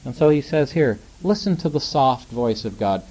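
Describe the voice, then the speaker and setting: Middle-aged male preacher, warm mellow tone, gentle and conversational, leans on rhetorical questions. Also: mid-range voice, lively intonation, moderate pace, rough recording. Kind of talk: sermon.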